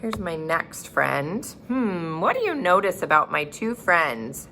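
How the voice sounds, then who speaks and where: Animated sing-song preschool teacher woman. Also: takes it slowly, a little hiss or hum. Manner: exaggerated, sing-song teacher talk with big pitch leaps. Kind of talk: virtual circle time lesson for young children.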